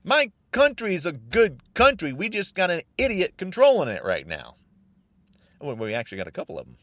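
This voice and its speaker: Man, from the US, angry rant, repetitive, huge pitch swings, dry close sound. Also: huge pitch swings, brisk, dry recording. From United States. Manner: agitated, repetitive, swinging between shouting and muttering.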